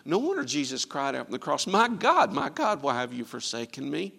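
A man preaching a sermon, quoting scripture and swinging from loud, ringing lines to hushed ones. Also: mid-range voice, huge pitch swings, a little fast, creaky, big-room sound.

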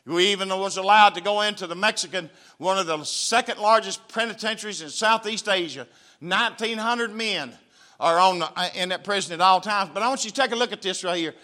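A man's voice: high voice, brisk, sharp tone. A man, a missionary preacher telling a testimony in a church sermon, folksy and emphatic. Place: church sanctuary.

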